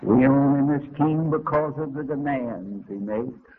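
A man preaching a sermon, telling a homespun story dramatically and climbing to emotional high points. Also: measured pace. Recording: tinny lo-fi narrow-band recording.

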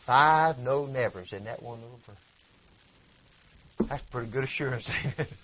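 A man preaching a sermon, swinging from loud cries to hushed tones and leaning on rhetorical questions and repetition. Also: mid-range voice, measured pace, slight background noise. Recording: dull lo-fi recording.

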